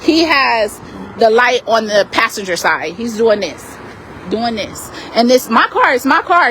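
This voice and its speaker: High-voiced woman, emphatic street complaint. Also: measured pace, a little hiss or hum. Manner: emphatic, animated retelling. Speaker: community activist. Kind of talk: heated street complaint to police. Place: outdoors on a city street by a parked car.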